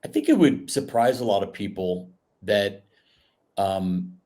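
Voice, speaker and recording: A man's voice: lowish voice, animated, measured pace, a little mellow. A man hosting a podcast, talking casually and rambling as he searches for words. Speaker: podcast host.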